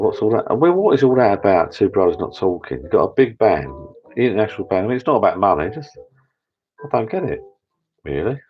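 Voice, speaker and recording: A man rambling in a casual live chat with viewers from his home bar room. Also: low voice. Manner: rambling, chatty, many restarts. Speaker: channel host. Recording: dull lo-fi sound.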